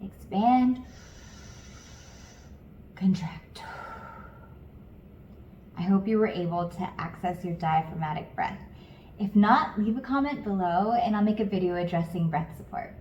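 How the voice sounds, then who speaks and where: A woman singing teacher coaching beginners step by step in a calm, encouraging way. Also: medium pitch, fairly quick, echoey room, muffled recording, slight background noise. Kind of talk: guided vocal lesson.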